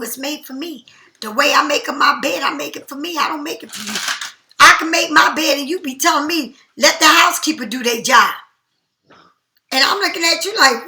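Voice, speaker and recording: A woman giving a casual, chatty tarot reading in an animated, slangy way. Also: sits high, reverberant, slight background noise. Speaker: tarot reader.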